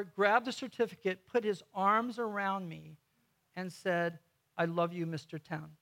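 A man preaching a sermon, telling a story with loud bursts and hushed, slow emphasis. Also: sits high. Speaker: guest preacher.

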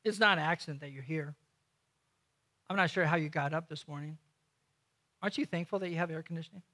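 Male preacher, high voice, bright tone, storytelling sermon, loud bursts and hushed emphasis. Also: quick pace. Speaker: guest preacher.

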